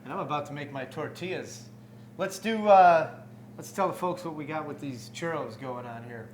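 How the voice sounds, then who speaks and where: A man hosts an on-air cooking demonstration in a studio kitchen, taking viewers through a recipe step by step with upbeat jokes. His voice is on the high side at a moderate pace, with a little hiss or hum in the recording.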